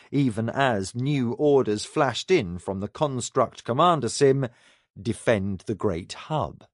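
A man narrating a science fiction audiobook in an expressive, scripted reading. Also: mid-range voice, dry recording, clean studio sound. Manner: expressive, varied sci-fi reading.

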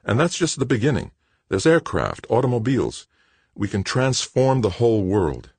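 A man reading an audiobook and voicing an earnest young man who urges his point calmly but insistently. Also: mid-range voice, moderate pace, husky, dry recording, voice pushed up. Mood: urging. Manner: earnest, urging, calm. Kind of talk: audiobook character voice.

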